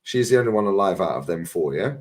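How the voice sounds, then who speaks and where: A man's voice: low voice, lively intonation, fast talker, darkish tone. A man with a London accent, telling stories and ranting bluntly in a casual podcast chat, full of swearing. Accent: London English. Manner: blunt, swearing, storytelling with acted quotes.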